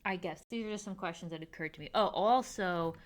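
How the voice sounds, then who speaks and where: A young woman casually recapping a TV episode with dry sarcasm, tossing off quick mock quotes of the characters. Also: lowish voice. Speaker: podcast host recapping a TV episode.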